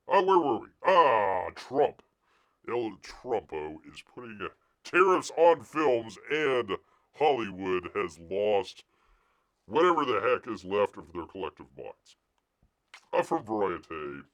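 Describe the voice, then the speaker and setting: A man hosts a casual live news stream, reading articles aloud and breaking in with sarcastic jabs. His pitch leaps and drops often, and he keeps slipping into mocking voices for the people he talks about. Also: fairly bright tone. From United States.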